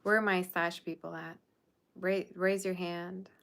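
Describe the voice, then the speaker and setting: A woman's voice: lowish voice, little pitch movement, a little slow, creaky, a bit bright, slight background noise. A young adult woman hosting a tarot livestream, chatting casually and sassily teasing the viewers in her chat. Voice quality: sassy, teasing banter with the chat. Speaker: tarot reader livestream host.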